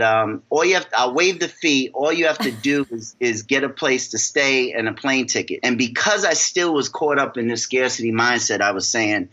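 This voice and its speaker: A man's voice: mid-range voice, dull audio. A middle-aged man from New York with a New York accent, telling his story energetically as a podcast guest. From New York City. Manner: energetic, animated storyteller acting out quoted voices. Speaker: guest, success coach.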